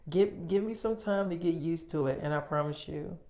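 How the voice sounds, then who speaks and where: A man's voice: on the high side, normal speed, a little mellow, natural voice. A man voicing a shy, cautious young woman who teases and asks questions. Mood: coy.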